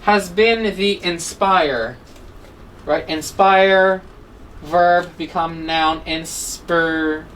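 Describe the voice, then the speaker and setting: A woman's voice: lowish voice, extremely slow, a bit bright, distant mic, a little hiss or hum, low-quality recording. A woman teaching an English exam-prep class, explaining word forms and checking in with "right?" and "okay?" after nearly every point.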